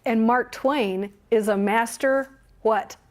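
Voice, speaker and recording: A woman running a training session for museum tour guides, speaking in a fairly high voice. She is animated and encouraging, and she laughs easily between her points. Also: slow pace. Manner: lively, encouraging, laughs often. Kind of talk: training workshop talk.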